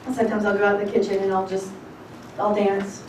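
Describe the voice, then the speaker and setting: A woman preaches an informal sermon to her congregation. She reads scripture slowly, then turns blunt and casual. She is far from the mic in a very echoey room with clear noise behind her. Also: mid-range voice, completely flat delivery, a little mellow. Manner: emphatic and blunt, shifting between slow scripture reading and quick casual talk. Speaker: rebbetzin teaching a congregation.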